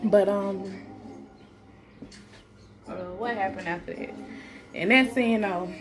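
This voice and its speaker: Over a noisy background, a pregnant woman with a medium-pitched voice tells her story casually in the first person. She's defiant and blunt, swears without holding back, and voices other people's words in shifted tones.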